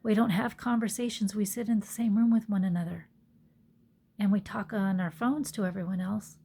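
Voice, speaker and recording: A woman's voice: medium pitch, normal speed, creaky, husky, soft background music. A woman yoga teacher talking earnestly into her phone in a reflective personal monologue, sometimes dropping to a whisper. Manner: earnest, soft-spoken, drops to whispered asides.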